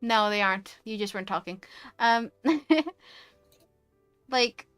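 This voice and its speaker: Bright-voiced British woman, lively rant. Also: medium pitch, slow, smooth, faint music behind. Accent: British English. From United Kingdom. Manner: animated, ranting, swears freely. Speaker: VTuber streamer. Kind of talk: casual chat.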